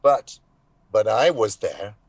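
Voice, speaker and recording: A man, an actor being interviewed, telling animated anecdotes in casual conversation, often restarting his sentences. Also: fairly low pitch, takes it slowly, gravelly, no room sound.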